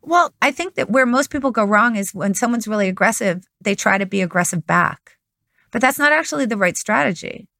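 A woman's voice: medium pitch, lively intonation, a little fast, gravelly, bright, forceful tone, no echo, studio quality. A woman who is a poker expert, explaining strategy step by step in an analytical conversation.

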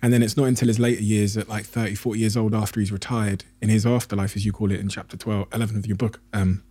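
A man hosting a podcast, asking long, measured questions and retelling stories to set them up. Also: fairly low pitch, level tone, dark tone, breathy edge. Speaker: podcast host interviewer. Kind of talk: in-depth interview questions.

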